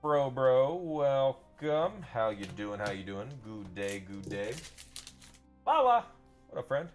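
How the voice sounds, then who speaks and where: A man's voice: mid-range voice, very animated, takes it slowly, faint music behind. Upbeat man hosting a live card break. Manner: upbeat, repeats phrases, greets viewers by name. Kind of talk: live-stream pack opening chat.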